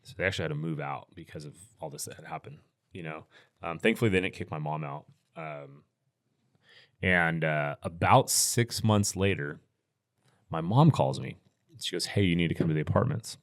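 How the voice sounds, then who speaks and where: Podcast guest, middle-aged man, very low voice, relaxed storyteller with lots of restarts. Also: moderate pace, no echo, clean studio sound. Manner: laid-back, rambling with restarts and fillers. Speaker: podcast guest, firearms instructor. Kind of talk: casual storytelling.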